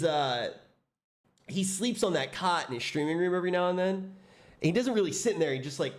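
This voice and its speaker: A man streaming in casual chat, reacting to a video and telling stories with lots of laughter and swearing. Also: high voice. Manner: animated storytelling, laughs often, swears.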